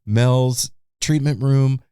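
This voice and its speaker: A man's voice: medium pitch, extremely slow, dark tone, smooth, no room sound, studio quality. A man co-hosting a podcast, animatedly retelling a story in casual chat and swearing freely. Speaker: podcast co-host. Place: home podcast studio.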